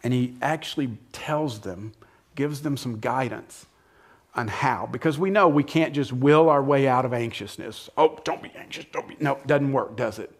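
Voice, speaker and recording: A man preaching a sermon in a conversational way, asking the listeners questions and acting out lines with sudden shifts between loud and soft. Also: mid-range voice, moderate pace, breathy edge. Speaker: pastor.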